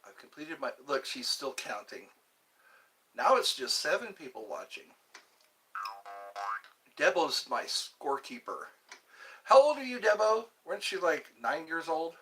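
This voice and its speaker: A man hosting his own livestream in a playful, chatty way, greeting viewers and answering their comments. His voice is bright and a little high, and it swings up and down a lot. He talks at an unhurried pace. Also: big pitch swings. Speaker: livestream host. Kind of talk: casual live chat.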